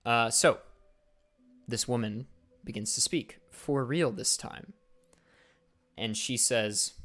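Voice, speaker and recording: A man's voice: mid-range voice, slow, long pauses, fairly bright tone. Casual male dungeon master. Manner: casual, filler-heavy description. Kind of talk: narrating a tabletop game.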